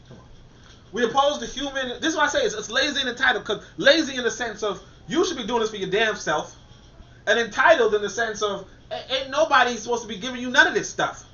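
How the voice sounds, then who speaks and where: A man giving a casual spoken commentary in an animated way, restarting phrases and saying "you know" often. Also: very high voice, fast talker, highs cut off.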